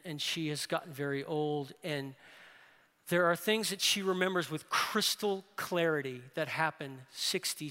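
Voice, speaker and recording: Bright-voiced man preaching in a reverberant hall. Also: a little high. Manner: earnest, often ends points with a tag "right?". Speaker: pastor. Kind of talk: sermon.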